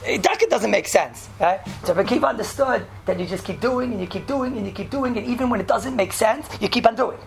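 A woman gives a mock sermon, excitable and stammering, repeating her phrases. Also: on the high side, fast talker, creaky, hardly any pauses, noisy background. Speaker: preacher.

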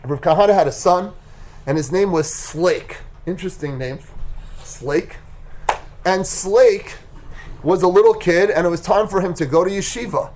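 A man teaching a Torah class, retelling a story with animated, emphatic delivery. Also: high-pitched, moderate pace, slight background noise.

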